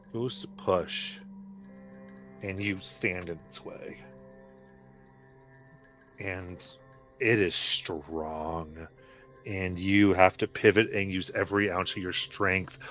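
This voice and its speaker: A man running a tabletop game as game master, narrating in a slow, halting way with restarts. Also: low voice, fairly bright tone.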